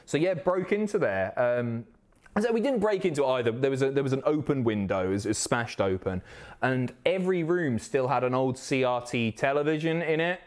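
A man from the Isle of Wight, chatting casually and excitably on a live stream, swearing often. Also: medium pitch, brisk. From Isle of Wight, England. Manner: excitable, sweary, reads chat aloud.

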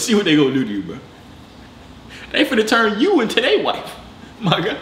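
A young man hosting a reaction video, joking in slangy casual commentary with sudden excited jumps in pitch. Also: a little fast, long pauses, reverberant, a little hiss or hum.

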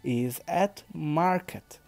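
A man with a Turkish accent, a podcast host, reads his own story aloud carefully and deliberately for English learners, now and then correcting himself. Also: on the high side, gravelly, a little mellow, faint music behind. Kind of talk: slow read-aloud narration for English learners.

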